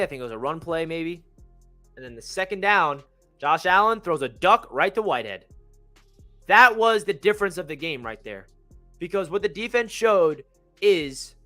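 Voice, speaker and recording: A young man hosts a fan channel game recap, talking fast and excitedly, often circling back to correct details. His voice sits high and sounds bright and forceful. Faint music plays underneath. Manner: energetic, rambling, self-correcting. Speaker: sports fan channel host.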